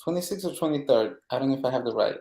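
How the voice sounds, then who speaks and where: Co-host, casual, hesitant, mid pitch, echoey room. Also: lively intonation, very fast, creaky, dark tone. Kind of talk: casual live-stream chat.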